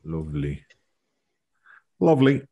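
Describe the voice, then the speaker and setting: A man's voice: rumbling low, sing-song, unhurried, creaky, dark tone, slightly rough, lo-fi sound. A man hosting a casual language lesson over a video call, thinking aloud and repeating words as he goes. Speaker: Irish learning video host.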